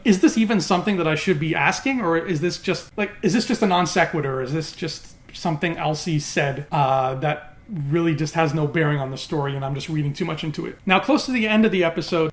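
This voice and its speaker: A man talking casually as a TV reviewer, recapping in an animated way with quick acted quotes. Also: a little high.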